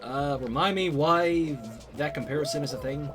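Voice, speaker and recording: A co-streamer chatting casually during a game, mostly chiming in with quick reactions. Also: medium pitch, fairly bright tone. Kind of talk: casual chat while gaming.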